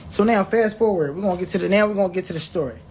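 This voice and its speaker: Talking very fast in a high, slightly mellow voice, a man tells viewers about something personal, bluntly and with profanity. He acts out quoted dialogue and often repeats and restarts words, with a little hiss or hum in the recording.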